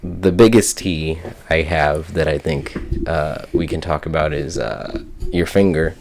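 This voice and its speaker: A man's voice: very deep voice, measured pace, vocal fry, background noise. A young man co-hosting a casual podcast, rambling with restarts and acting out what people said. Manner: rambling, restarts, acts out quotes. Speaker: podcast co-host. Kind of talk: casual chat.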